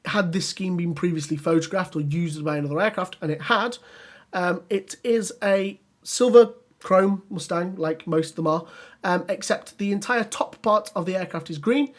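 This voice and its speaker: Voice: mid-range voice, normal speed. A podcast co-host chatting casually and enthusiastically, with many ums and restarts. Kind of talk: casual chat.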